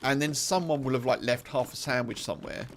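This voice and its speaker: A man's voice: medium pitch, a little fast, slight background noise. Chatty British man streaming a game. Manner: chatty, laughing, rambling, full of fillers. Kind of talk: casual chat while streaming a game.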